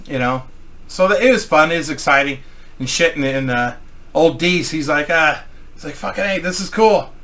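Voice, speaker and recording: A man's voice: fairly high pitch, normal speed, bright, forceful tone. A man from Missouri telling a rambling, profanity-filled anecdote in a casual style. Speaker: storyteller.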